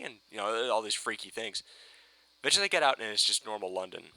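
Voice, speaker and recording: A man ranting giddily in a fan reaction video, swearing and breaking into excited shouts. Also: on the low side, quick pace. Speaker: fan reviewer.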